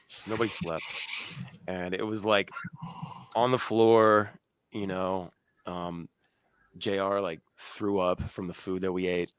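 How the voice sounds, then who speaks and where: Podcast host, man in his 30s, low voice, very dry close sound, loose rambling storyteller. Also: flat delivery, slow, pauses often, smooth, dry recording. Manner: rambling storyteller, swears casually. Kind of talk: casual chat.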